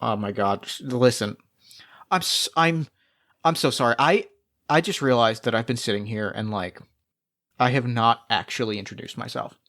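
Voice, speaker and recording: A man's voice: mid-range voice, normal speed, a bit bright, pitched below the performer's own voice, close to an everyday voice. A man doing Veld, a gushing flustered starlet. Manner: gushing, apologetic, stammering. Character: flustered effusive female celebrity diner patron.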